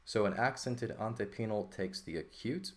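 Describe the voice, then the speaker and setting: A man's voice: fairly low pitch, normal speed. A man teaching a lesson, explaining step by step at a board and often checking in with the listener. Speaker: Greek teacher.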